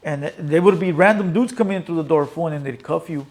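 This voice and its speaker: A man with a high voice hosts a casual interview. He asks his questions in relaxed street slang. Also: quick pace. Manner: laid-back slangy questioning. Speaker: podcast host.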